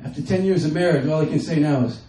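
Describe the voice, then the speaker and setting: A man performing a stand-up comedy set, acting out his family members in quick bits. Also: on the high side, dark tone, slight background noise. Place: comedy stage before a live audience. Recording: roomy, distant mic with faint ambience.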